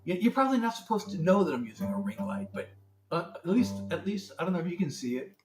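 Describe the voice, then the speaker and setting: A man's voice: high-pitched, big pitch swings, fast talker, far from the mic, music in the background. Chatty man on an echoey livestream. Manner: chatty, greets viewers by name, fumbles with setup. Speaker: singer-songwriter hosting a livestream. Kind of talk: casual livestream chat. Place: room at home lit by a ring light. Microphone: phone. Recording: echoey room, voice heard from off the mic.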